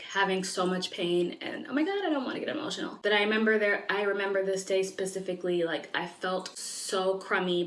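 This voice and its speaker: A woman's voice: fairly low pitch, fairly bright tone. A woman in her twenties, a medical student, telling a personal story in a candid, earnest vlog with many "like" fillers. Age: 20s. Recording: roomy echo.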